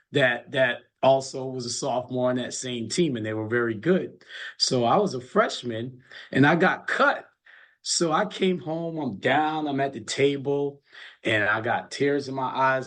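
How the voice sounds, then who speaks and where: A middle-aged man, a college basketball coach, telling stories in an earnest, motivational way in casual chat. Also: mid-range voice.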